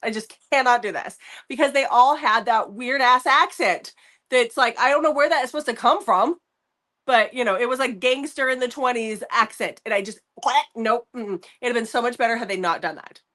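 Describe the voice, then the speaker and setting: A woman co-hosting a book review show, talking in an animated, rambling way and laughing often. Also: fairly high pitch, fairly quick. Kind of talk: casual chat.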